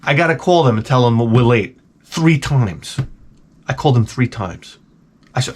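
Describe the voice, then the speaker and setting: A man's voice: mid-range voice, moderate pace, a little hiss or hum. A man, telling a profane, rambling story in a casual vlog. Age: 40s. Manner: animated, profane, repeats himself. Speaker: vlogger.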